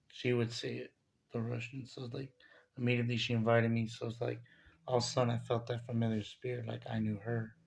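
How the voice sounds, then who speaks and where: A man's voice: medium pitch, creaky, a little mellow. A man telling a personal spiritual testimony in a casual, rambling way, with many fillers and restarts.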